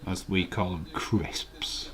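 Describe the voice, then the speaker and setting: A man's voice: sits low, steady tone, takes it slowly, fairly bright tone. A man from West Yorkshire with a Yorkshire accent, hosting a casual live watch-along and chatting playfully and argumentatively with his viewers. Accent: Yorkshire English. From West Yorkshire, England. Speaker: live stream host.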